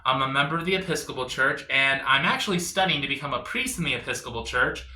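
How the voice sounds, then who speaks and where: A man performing a stand-up comedy set, delivering confessional setups deadpan and then swinging into sudden punchlines. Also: medium pitch, fast talker, echoey room.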